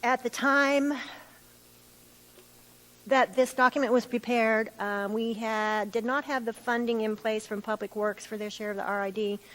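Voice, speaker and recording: A woman gives witness testimony in a formal hearing room. She answers steadily and in detail, sometimes pausing to restart a sentence. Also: fairly high pitch, steady tone, fairly bright tone, rough recording. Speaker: utility staff witness.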